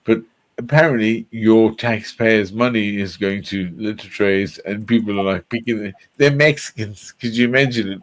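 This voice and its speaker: A man's voice: lowish voice, fairly even intonation, moderate pace. A man in casual podcast chat, rambling and repeating his words. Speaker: podcast co-host.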